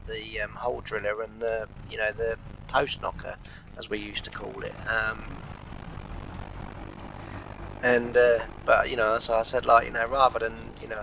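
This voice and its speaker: A man with a bright, forward voice tells a meandering story, repeating "I said" as he recounts each exchange. The recording sounds dull and lo-fi, with a faint hiss underneath. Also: mid-range voice, creaky. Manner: chatty, retells with constant "I said". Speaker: let's play host. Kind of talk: rambling anecdotal storytelling.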